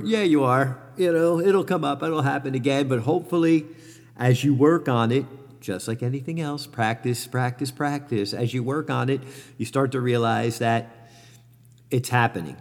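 A man's voice: mid-range voice, moderate pace, creaky, darkish tone, in a large hall. A middle-aged man talking candidly about his life and mindset, rambling with many fillers and self-corrections. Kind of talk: reflective personal monologue.

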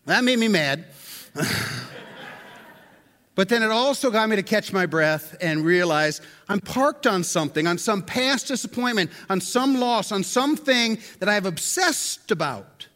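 A man with a very high voice preaches in a loose, conversational sermon. He keeps turning to the listeners with questions and often stumbles over and repeats words. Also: expressive, unhurried, fairly bright tone. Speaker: pastor.

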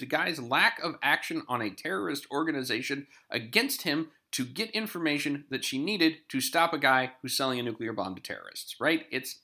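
Man, middle pitch, bright edge, chatty episode recap full of wry tangents. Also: lively intonation, moderate pace, few pauses. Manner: chatty, digressive, wry asides.

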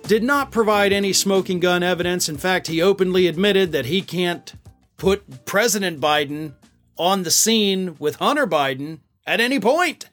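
Sarcastic high-voiced male commentator. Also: expressive, moderate pace, fairly bright tone, faint music behind. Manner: sarcastic, exasperated. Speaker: political commentary host. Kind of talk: opinionated commentary monologue.

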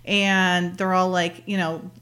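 A woman co-hosting a podcast, recapping a TV episode in a casual, chatty way, full of "like" and "you know" and quick giggles. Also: on the low side, level tone, fairly bright tone. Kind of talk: casual chat.

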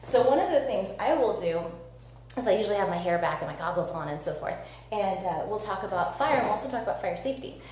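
A woman science educator giving a lively live-streamed teaching demo, chatty and upbeat, often checking in with "right?". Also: mid-range voice, fast. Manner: energetic, chatty, asks listeners "right?". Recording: echoey room with faint hum.

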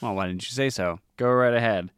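A man voicing a relaxed, easygoing woman who keeps a pet bear in a tabletop game. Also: mid-range voice, a little fast, clear, resonant tone, no echo, studio quality, close to an everyday voice. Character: female bear tamer at a tavern, easygoing, cool.

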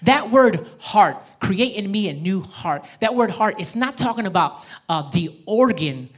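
A woman's voice: medium pitch, lively intonation, measured pace. A woman pastor preaching a sermon at a church service, speaking with emphasis and calling the congregation to read along. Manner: emphatic preaching, leads the congregation in reading aloud.

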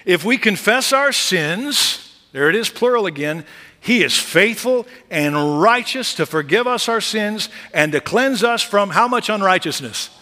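A male pastor preaching a sermon, moving from quiet asides to loud, emphatic peaks. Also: high voice, animated, measured pace, in a large hall.

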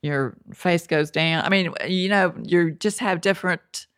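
A woman's voice: on the low side, measured pace, a bit bright. A woman hosting a casual interview, asking chatty, rambling questions. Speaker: podcast host.

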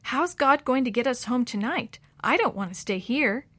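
A woman's voice: on the high side, lively intonation, moderate pace, a bit bright, no echo. A woman voicing an anxious young boy in a storybook read-aloud, speaking eagerly and worriedly in a raised voice.

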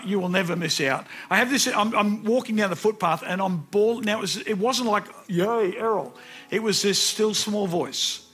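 A man's voice: high voice, bright, forceful tone, breathy edge. A man in his sixties preaching a sermon, telling personal stories earnestly and repeating words for emphasis. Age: 60s.

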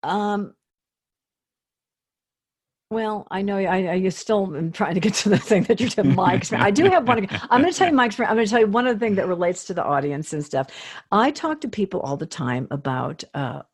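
An older woman, a fitness expert, speaking as a guest in an interview in a lively, earnest, motivational way. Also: medium pitch, normal speed, slightly rough. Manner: lively, acts out quoted inner voices. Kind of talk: conversational interview.

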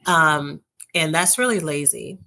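Low bright-voiced woman giving advice. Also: vocal fry. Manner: measured, patient, reassuring. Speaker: guest relationship and healing expert. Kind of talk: calm explanatory advice in conversation.

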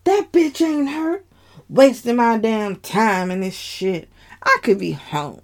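A woman doing a loud, mocking young sister. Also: a little high, slow pace. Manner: loud, taunting, cursing.

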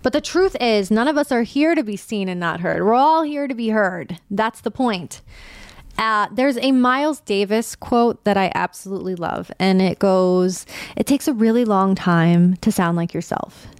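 A young woman talks straight into a close mic in a dry, deadened space. She is candid and casual, with a touch of vocal fry and loose, unpolished phrasing. Her pitch sits right in the middle for a woman. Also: normal speed, no echo. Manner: candid, conversational, swears casually. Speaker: podcast host. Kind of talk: personal podcast monologue.

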